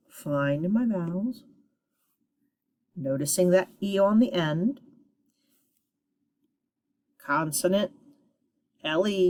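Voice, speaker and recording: Slow, encouraging woman teacher. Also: lowish voice, a little mellow. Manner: slow, encouraging, sounding out syllables. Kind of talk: phonics lesson for children.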